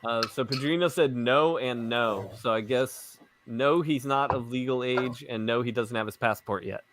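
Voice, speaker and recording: A man's voice: mid-range voice, moderate pace, noisy background. A man in his forties in a casual chat, teasing and wisecracking. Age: 40s.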